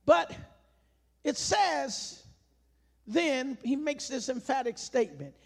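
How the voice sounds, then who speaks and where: A man's voice: very high-pitched, lively intonation, takes it slowly, gravelly, long pauses, fairly bright tone. A man preaching a sermon, emphatic and rhythmic, repeating phrases and calling on the congregation to answer back. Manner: emphatic call-and-response preaching.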